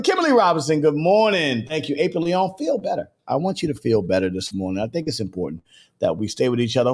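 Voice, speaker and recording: A man with a somewhat high, husky voice hosts a casual live show. He talks loosely, then breaks into big laughs and shouted rants, with his pitch swinging all over the place. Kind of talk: casual live-stream chat.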